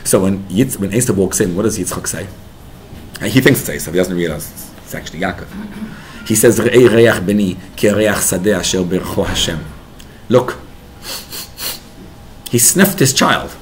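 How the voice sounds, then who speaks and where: A man teaches a Torah class to parents in a rather low voice. He talks animatedly and pushes into emphatic bursts. A faint hiss of background noise sits behind him. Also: moderate pace, pauses often. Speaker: rabbi.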